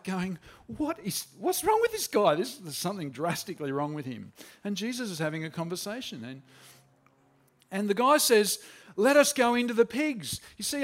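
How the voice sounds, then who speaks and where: A preacher speaking as an excited male disciple, retelling astonishing events in the first person. His fairly high voice jumps upward in bewildered outbursts. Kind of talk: first-person storytelling in a sermon.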